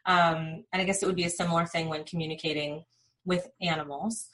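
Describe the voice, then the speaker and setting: A woman hosts a relaxed conversation and asks her guest soft, thoughtful questions. Her voice sits a little below the usual pitch. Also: brisk, rough recording. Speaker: host. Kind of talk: casual interview.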